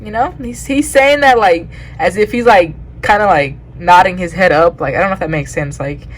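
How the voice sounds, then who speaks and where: A woman's voice: fairly low pitch, moderate pace, slight background noise, rough recording. A woman giving a casual tarot reading, talking loosely with lots of "like" and frequent laughs. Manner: chatty, loose, heavy use of "like", laughs often. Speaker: tarot reader.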